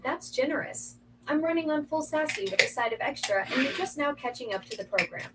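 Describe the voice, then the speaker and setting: A woman's voice: high voice, expressive, recorded from a distance. A synthetic woman's voice as a sassy smart speaker. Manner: sassy, teasing, quick comebacks. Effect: played through a home smart speaker. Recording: noisy smart speaker across the room.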